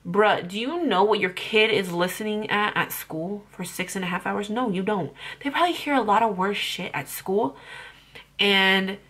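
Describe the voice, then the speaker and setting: A woman's voice: medium pitch, moderate pace, fairly bright tone, husky. A young woman ranting bluntly about parenting on her vlog, heated and full of swearing. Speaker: parenting vlogger.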